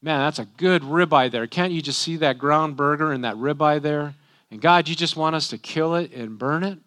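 A man's voice: on the high side, moderate pace, fairly bright tone, no room sound, studio quality, natural voice. A man voicing a grumbling ancient soldier who pleads and bargains incredulously. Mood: pleading.

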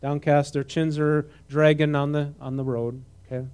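A man with a fairly high speaking voice leads a conversational sermon. He moves between reading scripture and lively comments of his own, often checking in with his listeners. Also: fairly quick, hardly any pauses, clean tone. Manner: animated, asks the audience questions, mixes reading with comment. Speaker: preacher teaching a Bible passage.

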